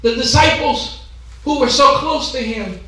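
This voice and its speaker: A high-voiced, bright-toned man preaches a Pentecostal sermon, punctuating his phrases with gasped "huh"s and stretching out his words as he shouts. His voice carries through a very echoey church sanctuary, picked up from a distance. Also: unhurried. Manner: call-and-response preaching with rhythmic "huh" gasps; shouting and drawing out key words.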